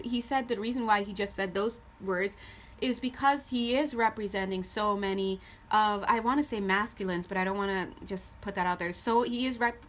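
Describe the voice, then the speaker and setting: A woman giving a casual tarot reading to her viewers. She is chatty and animated, often laughing as she goes. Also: fairly high pitch. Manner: addresses viewers directly. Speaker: tarot reader.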